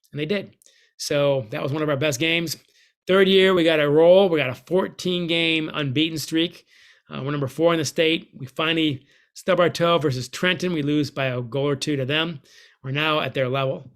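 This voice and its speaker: A middle-aged American man, an author and former hockey coach, telling a lively story from home over a video call. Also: on the high side, moderate pace. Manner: lively, animated storytelling with sudden loud bursts. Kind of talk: storytelling book talk.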